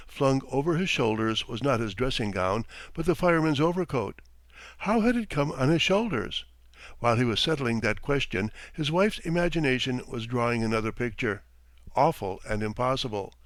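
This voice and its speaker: A man reading a classic short story aloud in an expressive, measured narration. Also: medium pitch, no echo. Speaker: audiobook reader. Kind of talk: audiobook narration.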